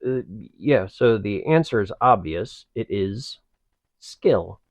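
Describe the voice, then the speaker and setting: A man's voice: lowish voice, expressive, darkish tone, no room sound. A man co-hosting a podcast, making wry, joking comments in casual banter. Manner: wry, joking asides, slow drawl. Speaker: podcast co-host.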